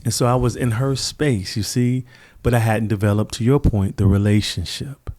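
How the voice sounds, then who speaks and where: A man's voice: lowish voice, steady tone, normal speed, darkish tone. A middle-aged man, a podcast guest, telling stories earnestly and reflectively, acting out the people he quotes. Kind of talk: conversational interview storytelling.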